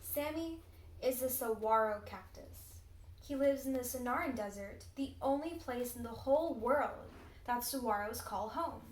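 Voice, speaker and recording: A woman's voice: fairly high pitch, echoey room, low-quality recording. Teenage girl reading a children's book aloud. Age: teens. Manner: expressive, deliberate. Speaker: storybook reader. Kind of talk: children's read-aloud narration.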